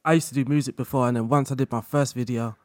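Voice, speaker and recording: A man speaking as a guest in a casual interview chat, relaxed, laughing often and talking in loose run-on sentences full of fillers. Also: medium pitch, fast, no room sound, clean studio sound. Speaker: guest content creator.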